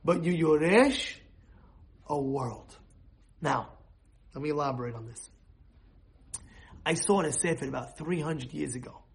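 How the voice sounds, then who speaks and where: A man giving an informal sermon, animated and full of restarts, breaking into shouted quoted voices. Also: fairly high pitch, unhurried, gravelly, pauses often. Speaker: rabbi giving a talk. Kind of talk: informal sermon with acted examples.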